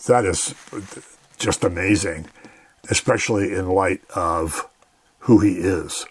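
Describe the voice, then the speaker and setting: A man's voice: low voice, slow pace, breathy edge. A man giving a radio Bible teaching in an earnest, conversational way, often saying "you know".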